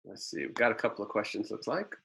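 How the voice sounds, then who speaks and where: A man's voice: fairly low pitch, lively intonation, fast talker, gravelly, fairly bright tone, rough recording. A man presenting a marketing webinar over a video call, telling a folksy story with lots of ums and uhs.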